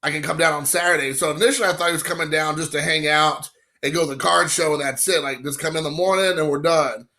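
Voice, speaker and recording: Bright-voiced man chatting about cards. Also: a little high, fast talker. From Indiana, USA. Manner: rambling, excited storytelling with quoted asides. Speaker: card-collecting channel host. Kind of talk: casual vlog chat.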